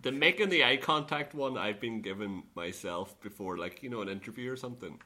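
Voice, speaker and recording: A man's voice: mid-range voice, a little fast. A man, leading a casual podcast chat. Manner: animated, leads the talk. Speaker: podcast host.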